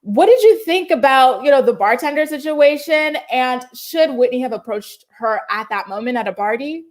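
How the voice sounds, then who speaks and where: A woman's voice: high voice, animated, normal speed. A woman hosting a casual chat on a video call, upbeat and chatty with a lot of likes and ums. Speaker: host.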